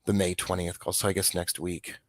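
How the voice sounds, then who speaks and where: A man hosting a casual stock market show, rambling and restarting as he talks through trades, with a dry, flat tone. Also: low voice, fairly quick, dry recording. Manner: rambling, self-interrupting, offhand.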